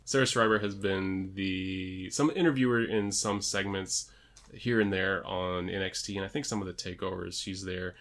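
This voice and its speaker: A man's voice: deep voice, fairly even intonation, moderate pace, a bit bright. A man co-hosting a podcast, chatting casually and laughing as he tells stories. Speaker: podcast co-host. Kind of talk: casual chat.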